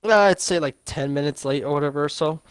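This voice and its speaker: A man's voice: on the high side, fairly quick, clear, resonant tone, no room sound. A young man co-hosting a podcast, rambling through a movie recap, swearing and laughing. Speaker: podcast co-host. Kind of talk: casual movie review chat.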